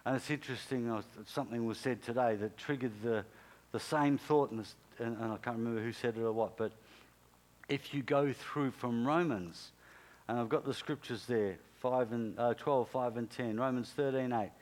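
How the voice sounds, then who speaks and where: Male pastor preaching, keeps repeating himself, throws in little exclamations, normal pitch. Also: normal speed, a little mellow. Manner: emphatic and repetitive, with sudden exclamations. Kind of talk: sermon.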